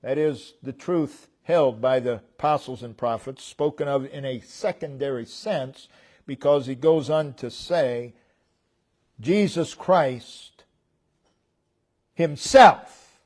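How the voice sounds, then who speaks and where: A man preaching a sermon as pastor. He speaks deliberately and stresses key words loudly, then drops his voice low at the ends of phrases. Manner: emphatic, deliberate, with sharp swings between loud stresses and quiet drops. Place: church.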